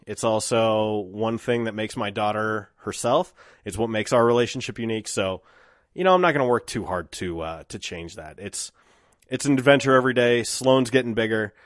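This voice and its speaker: Male podcast host, 30s, lowish dry close voice, reflective rambling solo monologue. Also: moderate pace, dry recording. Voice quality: dry mouth.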